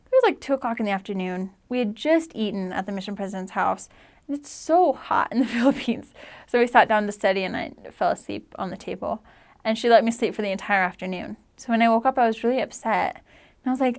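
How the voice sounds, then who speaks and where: Fast and mid-range, this woman's voice carries a casual personal story. She's an American in her twenties and a returned missionary, chatty and occasionally emotional, with "like" sprinkled throughout.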